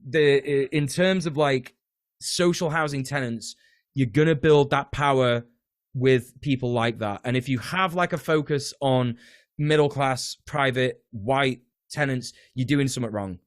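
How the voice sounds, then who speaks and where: A man's voice: mid-range voice, a little slow, no echo, studio quality. A British man talking casually about organizing renters, rambling with lots of fillers and restarts and the odd swear word. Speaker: podcast guest, tenants union organizer. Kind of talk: casual political chat.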